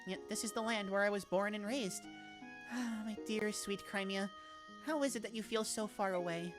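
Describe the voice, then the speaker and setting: Woman plays a young princess for a game, hushed and formal, wistful tone. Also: medium pitch, normal speed, music in the background, natural voice.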